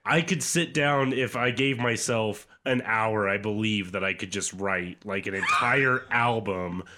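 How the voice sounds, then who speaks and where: Bright-voiced laid-back man chatting. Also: lowish voice, measured pace. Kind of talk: casual podcast chat.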